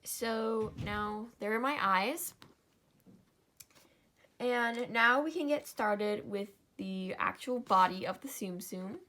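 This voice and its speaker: A young woman walks through a craft tutorial at a slow, easy pace. She sounds tired, yawns often and keeps apologizing, counting stitches aloud as she goes. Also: mid-range voice, sharp tone. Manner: sleepy, yawning and apologetic. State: tired, yawning.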